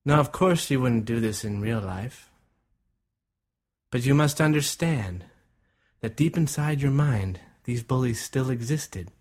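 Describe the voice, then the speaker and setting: A man leading a guided visualization, narrating vividly and dramatically, sometimes dropping to a hushed whisper. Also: medium pitch, expressive, measured pace.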